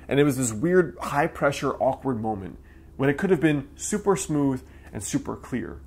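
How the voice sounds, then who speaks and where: A man's voice: mid-range voice, expressive, moderate pace, gravelly, darkish tone, husky. A man, the acupuncturist who hosts the channel, giving an earnest and emphatic talk straight to camera. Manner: earnest, emphatic, acts out quoted voices.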